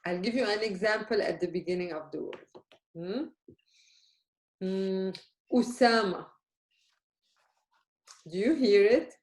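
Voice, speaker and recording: A woman's voice: mid-range voice, animated, normal speed, long pauses, darkish tone. A woman teaching a beginner Arabic lesson, patiently checking that her students follow. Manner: patient, questioning, checks understanding often. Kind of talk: live beginner language lesson. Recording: echoey room.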